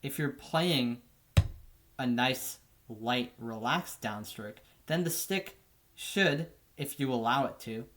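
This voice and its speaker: A man teaching drum technique in a relaxed, casual way, often checking in with "right?". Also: medium pitch, slow pace, background noise. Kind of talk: casual instructional explanation.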